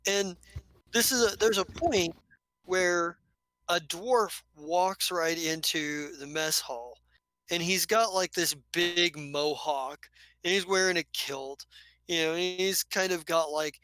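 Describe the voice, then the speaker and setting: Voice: medium pitch, slow, bright, forceful tone, dry recording. A game master narrating a tabletop game in a loose, rambling way full of fillers.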